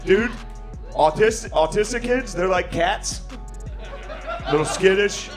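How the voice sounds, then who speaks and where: A man doing a crude, animated stand-up set, mimicking people. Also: high-pitched, slow pace, music in the background, crowd noise. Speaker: stand-up comedian.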